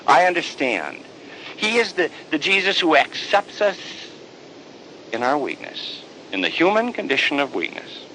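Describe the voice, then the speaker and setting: A priest telling a sermon story with animated, dramatic delivery. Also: male voice, on the high side, normal speed, slight background noise, poor audio.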